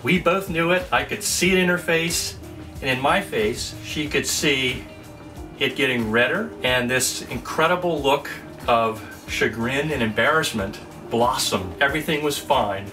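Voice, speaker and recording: A man telling an embarrassing personal anecdote in a measured, sheepish way. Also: medium pitch. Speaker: storyteller. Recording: distant mic with music bed.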